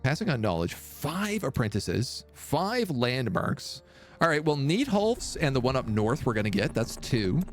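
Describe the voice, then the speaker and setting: A man's voice: mid-range voice, sing-song, unhurried. A man streaming a strategy game, musing aloud as he weighs options. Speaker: live streamer. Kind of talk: gameplay commentary. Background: game music.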